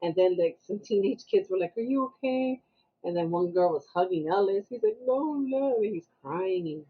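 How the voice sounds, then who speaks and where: A woman's voice: normal speed, breathy edge. A woman, a podcast guest telling a story in casual talk and acting out the people she quotes. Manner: animated, acts out quotes with raised pitch. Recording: dull lo-fi sound.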